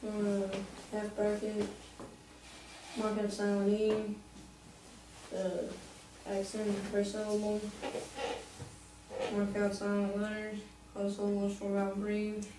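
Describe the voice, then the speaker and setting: A woman's voice: mid-range voice, monotone, slow, pauses often. A woman student reading aloud, reciting the steps of coding words in a methodical way. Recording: very echoey, distant, faint noise.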